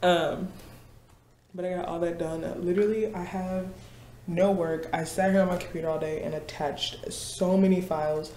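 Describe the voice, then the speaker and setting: A woman's voice: lowish voice, fairly even intonation, normal speed, mellow, a little hiss or hum. A woman in her twenties from Missouri, chatting casually to camera from her office at work, laughing often and mimicking people. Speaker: vlogger. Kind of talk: casual chat. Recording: roomy office with faint ambience.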